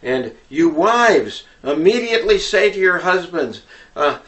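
A man gives an instructional talk on preaching in a deliberate, earnest way, often pausing with fillers. He speaks slowly in a somewhat high voice. The recording sounds distant, as if he stands well back from the microphone. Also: very animated, a bit bright.

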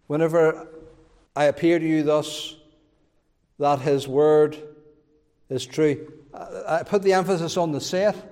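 A man's voice: high voice, a little mellow. A man preaching a sermon as pastor, emphatic, with rising swells and many repetitions. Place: church. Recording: long church reverb.

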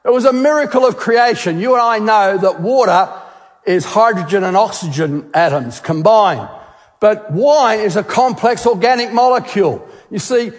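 A man with a fairly high voice delivers a sermon. He speaks with emphasis, posing questions and repeating words to drive them home. His voice carries a long reverb, as if in a large hall. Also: expressive, moderate pace. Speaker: guest speaker, geologist.

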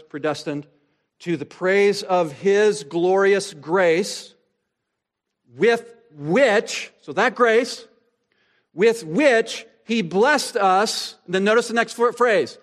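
A male pastor preaching a sermon, asking rhetorical questions and pausing for effect, slowing down to stress key phrases. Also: fairly high pitch. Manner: expository preaching, rhetorical questions, dramatic pauses.

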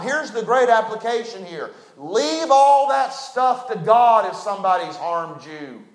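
A man preaching a sermon, folksy and emphatic, swinging from loud to hushed. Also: sits high, very animated, measured pace, roomy sound.

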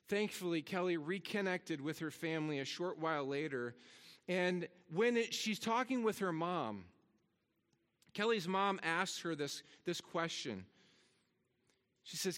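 High-voiced preacher in an echoing hall. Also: male voice, animated, measured pace, fairly bright tone. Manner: earnest, repeats words, rises in pitch for emphasis. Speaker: pastor. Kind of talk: sermon. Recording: long hall reverb.

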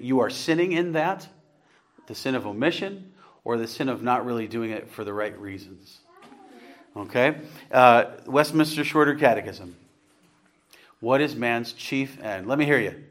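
A man's voice: mid-range voice, lively intonation, moderate pace, fairly bright tone. A man preaching an earnest, conversational sermon, rising to emphatic points and putting questions to his congregation. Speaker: pastor.

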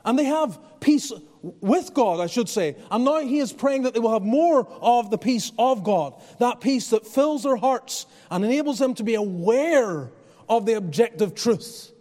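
A man's voice: very high voice, expressive, measured pace, darkish tone, in a large hall. A man preaching a sermon as pastor, earnest and conversational, often restarting his phrases. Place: church.

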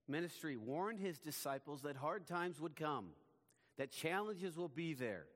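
Preaching man in a reverberant hall. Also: on the high side. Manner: measured, emphatic preaching with dropping phrase endings. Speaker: pastor. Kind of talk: sermon.

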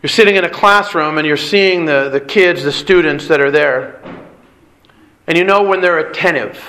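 A man's voice: a little high, normal speed, pushed and bright. A middle-aged man preaching a sermon, earnest and direct, asking the congregation rhetorical questions. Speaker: pastor.

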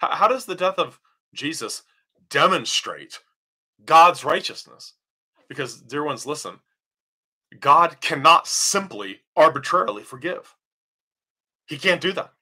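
A man's voice: a little high, animated, a little slow, pauses often, husky. A man preaching a sermon, emphatic and questioning, pressing his points home with rising force. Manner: emphatic, rising to near-shouts on key points; asks questions then answers them. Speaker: pastor.

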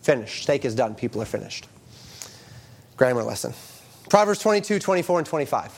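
A man's voice: fairly quick, vocal fry. A man preaching a sermon, reading King James scripture aloud and explaining it verse by verse with emphatic rises and drops. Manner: emphatic, lively rises and drops in pitch and volume.

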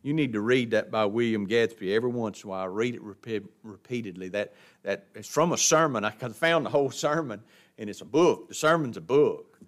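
A man's voice: lowish voice, a little fast. A man teaching an adult Bible class in a folksy way, often asking the class questions. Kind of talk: Bible lesson. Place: church classroom.

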